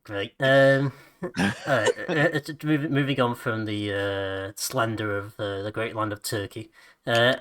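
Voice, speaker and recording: A man hosting a casual podcast chat, laughing often and tripping over repeated words when he gets excited. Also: lowish voice, unhurried, background noise. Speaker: podcast host.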